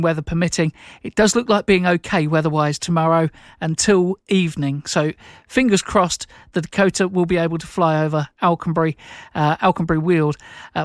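A man hosting a local radio show, chatting casually between songs. His delivery is informal, with frequent fillers and quick self-corrections. The studio microphone sound is close and dry. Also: sits high, dry recording. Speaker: radio presenter.

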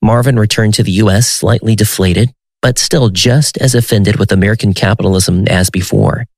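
A man narrating a documentary in a measured, slightly wry scripted delivery. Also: fairly low pitch, steady tone, darkish tone, dry recording.

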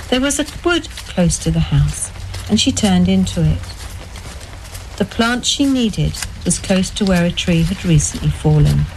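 A woman reading a dark domestic story aloud, measured and expressive. She takes her time, and her pitch moves freely across each sentence. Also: slight background noise, low-quality recording. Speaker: narrator. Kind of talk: scripted narration.

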